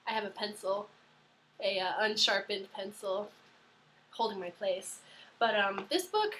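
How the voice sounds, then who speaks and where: A young woman in her early twenties chatting casually into a webcam, rambling and excitable with lots of fillers. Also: medium pitch, measured pace, slight background noise. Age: early 20s. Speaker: vlogger. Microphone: webcam mic.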